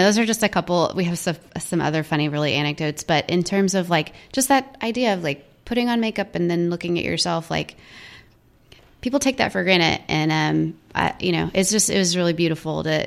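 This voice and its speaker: A woman's voice: lowish voice, a little fast, vocal fry. A woman guest in a studio interview, telling stories about her charity event in a chatty way, full of fillers and quoted voices. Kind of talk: casual storytelling interview.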